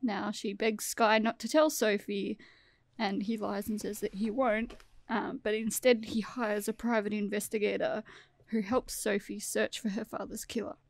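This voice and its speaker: A woman's voice: medium pitch, steady tone, normal speed, vocal fry, no echo. A woman podcast host retelling a plot casually, laughing often. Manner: laughing, storyteller.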